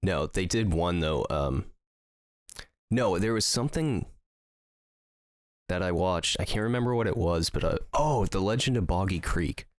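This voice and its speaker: A man with a low voice rambles through a funny story on a casual podcast, full of fillers and bursts of laughter. The sound is dry and close. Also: lively intonation, a little slow, long pauses, no echo. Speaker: podcast co-host. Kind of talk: casual chat.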